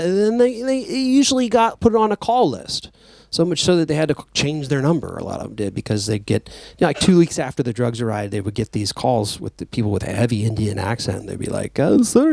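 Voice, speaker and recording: A man's voice: mid-range voice, gravelly, no room sound. A man, an author speaking conversationally to an audience, with many fillers and restarts. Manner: frequent fillers and restarts, animated when quoting. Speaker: author at a book talk.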